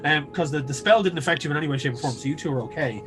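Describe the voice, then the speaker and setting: A man's voice: fairly high pitch, rapid-fire, over music. A man hosting and running a tabletop game, talking in a loose, chatty way with lots of ums. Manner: chatty, filler-heavy, loose delivery. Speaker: game master and host. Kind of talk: narrating a tabletop game, casual chat.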